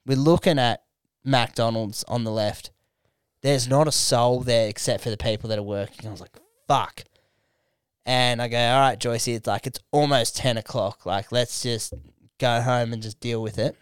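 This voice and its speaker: A man's voice: mid-range voice, normal speed, smooth, no room sound. A young Australian man, a comedian, telling a story in casual chat, swearing freely and acting out what people said. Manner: animated, swears a lot, acts out quotes. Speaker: comedian podcast co-host. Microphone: studio microphone.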